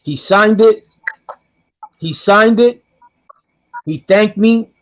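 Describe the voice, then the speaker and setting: A middle-aged man tells a story on a podcast, keeping it lively and playing every voice in it himself. His voice sits high for a man, and the recording sounds dull and lo-fi. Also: very slow. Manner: animated, acts out quoted voices, repeats himself. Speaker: guest storyteller.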